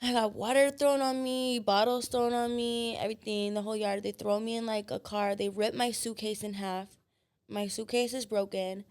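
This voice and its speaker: Woman guest on a podcast, kinda high voice, blunt and cussing a lot, animated. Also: moderate pace, smooth. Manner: blunt, profane, animated retelling. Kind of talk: casual storytelling chat.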